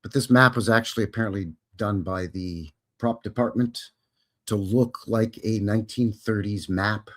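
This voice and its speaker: On the low side and at a moderate pace, a man hosts a live stream. He's chatty and jokey, commenting on film clips and reading viewers' comments out loud.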